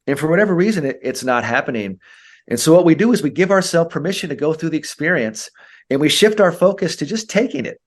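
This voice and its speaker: A man, a mental skills coach, talking in a podcast interview and acting out coach and player dialogue. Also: fast talker. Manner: animated, acts out coach and player dialogue with big pitch jumps.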